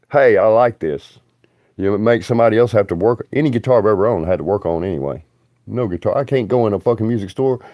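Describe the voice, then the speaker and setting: A man's voice: medium pitch, a little mellow, dry recording, studio quality. A man, rambling bluntly and profanely on a livestream.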